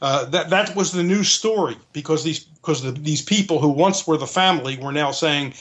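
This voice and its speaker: A man's voice: a little high, moderate pace, fairly bright tone. A man as an interview guest, explaining in a conversational way, earnest and restating his points as he searches for words.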